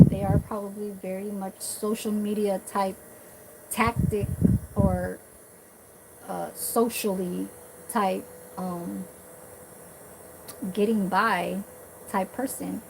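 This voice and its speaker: A woman's voice: mid-range voice, background noise. A woman vlogger talking in a blunt, profane, rambling way, full of fillers and restarts. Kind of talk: casual rambling monologue.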